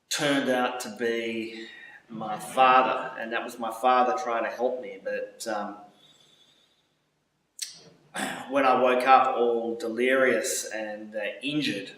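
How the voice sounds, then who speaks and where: A man telling a vivid personal story, swearing and swinging his pitch as he acts out his own panicked thoughts. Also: a bit bright, far from the mic. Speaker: storyteller recounting a seizure. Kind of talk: personal story told aloud. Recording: very echoey room, voice away from the mic.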